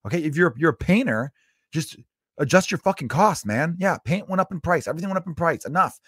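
A man's voice: on the high side, animated, fast, a bit bright, husky, dry recording, studio quality, voice pushed up. A man voicing a blunt, foul-mouthed woman bartender who scolds in a profane way. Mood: fed-up scolding.

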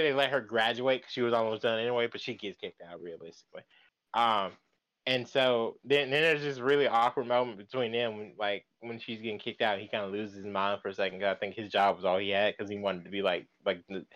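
A man's voice: fairly low pitch, fairly bright tone. A man co-hosting a podcast in casual chat, talking in a slangy, profane way. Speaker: podcast co-host.

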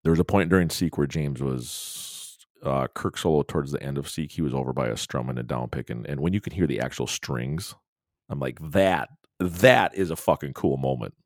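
A man's voice: very deep voice, brisk, dry recording, clean studio sound. A man co-hosting a podcast in casual chat, swearing freely and telling stories with energy. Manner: swears freely, animated storytelling. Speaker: podcast co-host.

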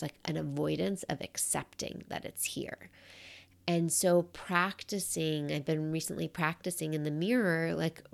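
A middle-aged woman giving a reflective talk on self-compassion, speaking softly and sometimes sinking into a whisper. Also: fairly low pitch, gravelly. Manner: soft and unhurried, at times dropping to a whisper.

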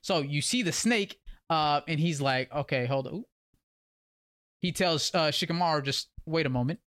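A man hosting a podcast, recapping a story in lively slang and acting out quotes in a casual chat. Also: a little high, normal speed, clean tone. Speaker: podcast host.

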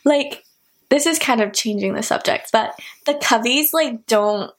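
A woman's voice: on the high side, unhurried. A young woman co-hosting a podcast in casual, emphatic chat, with many fillers. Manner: chatty and emphatic, heavy use of "like". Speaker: podcast co-host.

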